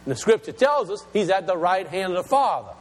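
A man preaching a sermon, slowing down to stress key words and asking his listeners questions. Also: high voice, sing-song, in a large hall.

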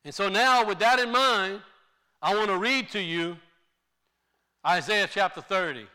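Male preacher, high clear voice, slow deliberate sermon delivery. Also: sharp tone. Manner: slow, deliberate teaching with emphatic rises.

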